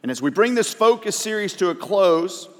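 A man's voice: high voice, animated, normal speed, fairly bright tone. A male pastor preaching a sermon, chatty with filler words, then rising to emphatic points. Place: church sanctuary. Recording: long reverb of a large hall.

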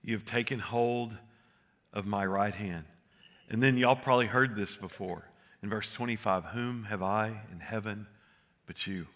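A man's voice: on the low side, unhurried, fairly bright tone. An older man preaching a sermon, telling folksy stories and joking with the congregation. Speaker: pastor.

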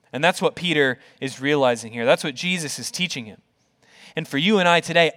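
A male pastor preaching a sermon in an earnest, conversational way, with rhetorical questions and repeated words, dropping to a soft, quiet voice for tender points. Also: a little high.

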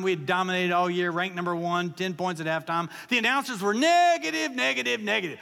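A man's voice: high-pitched, fairly quick, vocal fry, few pauses, clear, resonant tone. A man, preaching as a guest speaker and telling folksy, joking stories to a congregation. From Kentucky. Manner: folksy, joking, animated storytelling. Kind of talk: humorous sermon storytelling. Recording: long echo of a large hall.

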